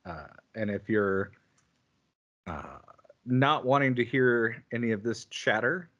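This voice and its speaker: Male podcast co-host, casual chat, easy laughs, animated retelling. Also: medium pitch, slow, highs cut off.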